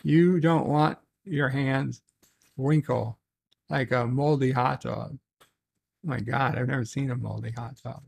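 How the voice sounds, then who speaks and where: A man hosting a casual solo livestream, reading viewer messages aloud slowly and haltingly, with restarts and muttered asides. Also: medium pitch, steady tone, vocal fry, slightly rough.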